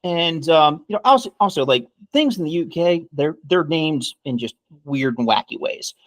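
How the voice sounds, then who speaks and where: A man's voice: fairly high pitch, expressive, normal speed, no echo. A man co-hosting a podcast, telling a long, rambling story full of swearing and asides like "okay?". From United States. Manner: rambling, swears freely, keeps adding "okay?". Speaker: podcast co-host. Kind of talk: casual storytelling chat.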